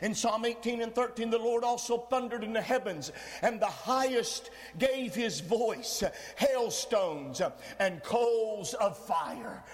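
A man preaching a sermon, moving between quiet teaching and shouted, fervent passages. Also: high-pitched, takes it slowly, hardly any pauses, big-room sound.

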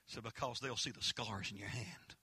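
A man with a Southern Appalachian accent preaching a holiness sermon, telling folksy stories that swell into impassioned shouts. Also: on the low side, fairly quick, breathy edge, dry recording.

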